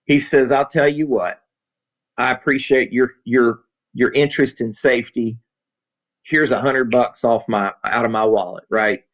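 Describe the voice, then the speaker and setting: A man, a safety consultant telling folksy, animated stories in an interview. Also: medium pitch, unhurried, low-quality recording. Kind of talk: storytelling in a podcast interview.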